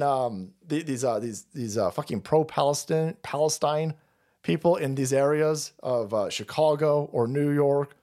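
A man's voice: sits high, a little mellow. A man hosting a live stream, delivering angry, profane political commentary and mocking his opponents. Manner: mimics opponents in sneering voices.

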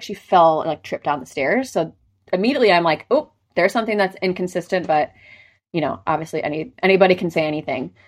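A woman co-hosting a podcast, telling a story in casual chat with lots of filler words. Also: sits low. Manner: chatty, storytelling, many filler "like"s. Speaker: podcast co-host.

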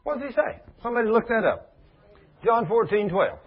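A man preaching a sermon with animated delivery, turning to speak to people in the room as he goes. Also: sits high, fairly quick, slightly rough. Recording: dull lo-fi recording.

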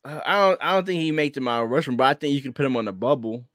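A man co-hosting a podcast in relaxed casual chat, laid-back with easy laughter. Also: medium pitch, fast, dry recording, clean studio sound. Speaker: podcast co-host.

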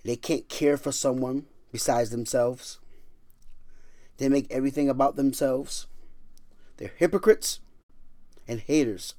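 A middle-aged man preaches a sermon, his mid-range voice swinging between hushed, whispered lines and loud, emphatic declarations. He repeats key phrases for emphasis and reads scripture in old-fashioned wording. The recording is dry, with almost no room sound. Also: mid-range voice, unhurried, pauses often, no room sound. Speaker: pastor.

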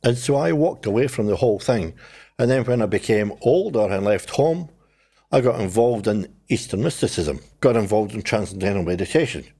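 An older man tells his life story in conversation. He has a husky, slightly rough voice and an animated way of telling it, acting out his old self and other people as he goes. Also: lowish voice, fairly quick. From New Zealand. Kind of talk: conversational testimony.

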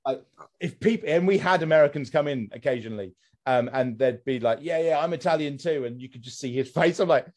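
A man's voice: mid-range voice, fairly quick, a little mellow. A man hosting a casual podcast chat, ranting with comic exasperation and swearing freely. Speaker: podcast host.

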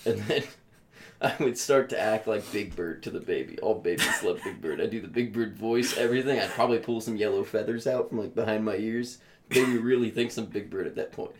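A man's voice: lowish voice, a little fast, noisy background. A young man co-hosting a comedy podcast, telling silly stories in casual banter and giggling often. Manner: giggly, joking, playful storytelling. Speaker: podcast co-host.

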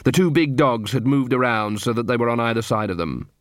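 A man narrating an audiobook, telling a comic story in an even, dry manner on a close studio mic. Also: mid-range voice, a little fast, no room sound. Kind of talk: scripted narration.

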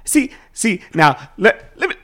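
A guy doing brash comedian voice, loud and scolding, jumps all over in pitch. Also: big pitch swings, unhurried, heavily acted. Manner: loud, repetitive jabbing delivery.

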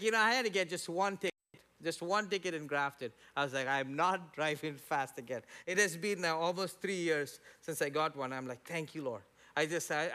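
A man's voice: high-pitched, pushed and bright. A middle-aged male pastor giving a conversational sermon, often repeating words as he tells personal stories.

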